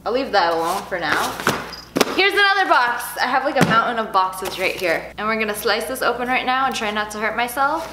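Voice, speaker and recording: A woman's voice: a little high, big pitch swings, a little fast, roomy sound, heavy background noise. A young woman in her twenties, a YouTuber chatting through an unboxing vlog with a bubbly, sarcastic, giggly manner.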